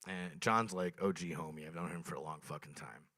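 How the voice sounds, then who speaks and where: Young male stand-up comic, bright forceful voice, dry close sound, dark deadpan storytelling. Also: sits low, brisk, no echo. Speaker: stand-up comedian. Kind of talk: stand-up comedy set. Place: small open mic venue.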